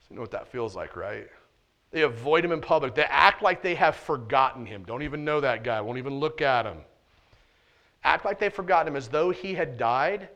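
A man with a mid-range voice preaches a sermon conversationally and with emphasis, frequently tossing in "right?" as he alternates between intense, loud bursts and quiet asides.

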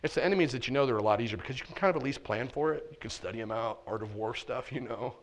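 A pastor preaching a sermon in a conversational, emphatic way, often checking in with "right?" and swinging between intense loud stretches and quiet asides. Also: male voice, mid-range voice, very fast.

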